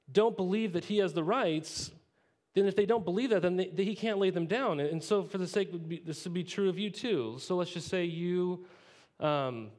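Chatty, higher-voiced male pastor preaching. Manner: keeps asking the congregation rhetorical questions; informal, animated teaching with playful asides. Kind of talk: conversational sermon.

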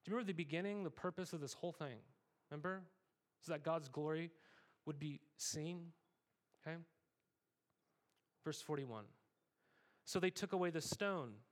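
A man delivering a sermon as a pastor, talking to the congregation in a relaxed, conversational way with lots of quick asides. His voice sits somewhat higher than most men's. He moves between casual banter and earnest, emphatic preaching. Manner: conversational, animated preaching with frequent "okay?" asides.

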